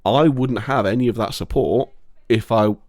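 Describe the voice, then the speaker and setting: A man's voice: mid-range voice, normal speed, a little mellow, no room sound, clean studio sound. Earnest man in casual chat. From England. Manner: earnest, opinionated, with frequent restarts. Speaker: podcast co-host.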